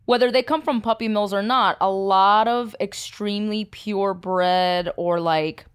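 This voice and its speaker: A woman co-hosting a casual podcast chat, relaxed, dropping in Spanish words and laughing easily. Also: medium pitch, a little slow, smooth. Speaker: podcast co-host.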